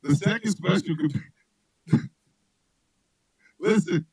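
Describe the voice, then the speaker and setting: A man hosting a radio show, chatting loosely and telling comic stories, laughing often and shouting his punchlines. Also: high voice, takes it slowly, breathy edge, no echo, poor audio. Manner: loud, laughing, animated storyteller who shouts punchlines. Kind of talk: loose comedic chat with storytelling.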